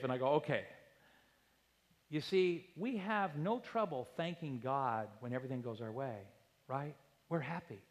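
A middle-aged man preaching a sermon in a church, lively and animated, acting out quoted voices as he goes. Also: on the high side, normal speed. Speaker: pastor. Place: church sanctuary. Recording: long hall reverb.

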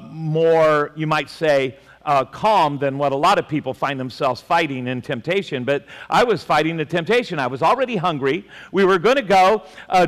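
A man's voice: a little high, fairly bright tone, long reverb tail. A middle-aged male pastor telling a story in a sermon, self-mocking and often repeating his words.

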